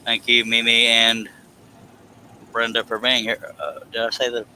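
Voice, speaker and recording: A man's voice: medium pitch, monotone, moderate pace, sharp tone, slight background noise, rough recording. A man hosting a live stream from his workshop, joking and affectionate in casual chat.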